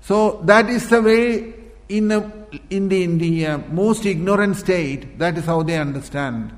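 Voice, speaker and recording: A man giving a spiritual discourse, repeating points, posing rhetorical questions and often clearing his throat. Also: high voice, unhurried. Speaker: spiritual teacher. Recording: echoey hall with long reverb.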